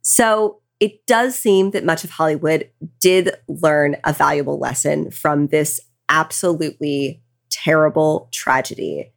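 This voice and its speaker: Lower-voiced woman telling a true crime case. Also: unhurried, vocal fry. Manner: conversational retelling with angry asides. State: tipsy. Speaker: podcast co-host. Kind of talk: casual true crime storytelling.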